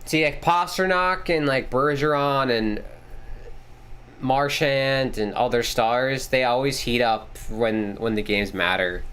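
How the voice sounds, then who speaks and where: A young man hosting a live hockey watchalong stream, mixing casual chat with quick play-by-play calls that rise as the action heats up. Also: medium pitch, steady tone, fairly bright tone, clear, resonant tone. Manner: rapid, rising calls during plays. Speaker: livestream host.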